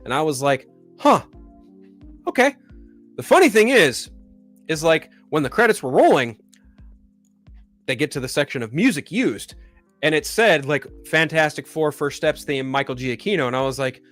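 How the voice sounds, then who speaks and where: Profane, animated male stream host. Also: on the high side, moderate pace, faint music behind. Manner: profane, ranting, rises into loud exasperation. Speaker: solo live-stream host. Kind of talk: casual live-stream commentary.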